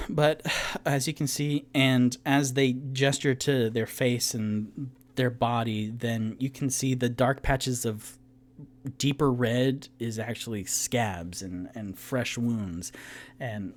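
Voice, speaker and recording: A man acting as game master, narrating a solo tabletop game in loose, halting descriptions. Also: medium pitch, fairly even intonation.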